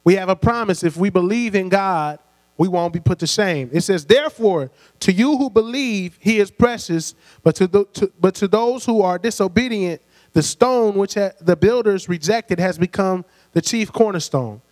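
High-voiced preacher in a reverberant hall. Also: male voice, moderate pace, a little mellow. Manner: call-and-response, prompting the congregation; conversational, laughs between points. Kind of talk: sermon. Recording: long hall reverb with mains hum.

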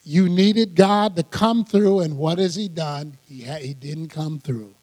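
A man putting on a sneering low devil. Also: unhurried, a little mellow. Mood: taunting. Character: taunting male devil whispering doubts. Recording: long hall reverb.

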